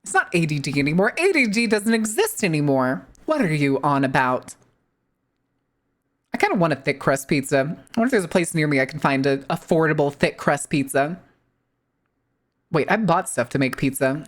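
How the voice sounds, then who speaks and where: A woman streaming as a VTuber, talking in a loose, rambling way and cursing casually. Her voice sits fairly low, but her pitch swings widely as she reacts. She keeps the chat going with lots of "like"s. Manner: rambling, animated, swears freely, many "like" fillers.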